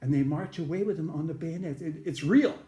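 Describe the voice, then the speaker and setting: Man, interview guest, earnest storyteller, higher voice, echoey room. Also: brisk. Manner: earnest, animated retelling with quoted voices. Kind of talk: storytelling a near-death experience.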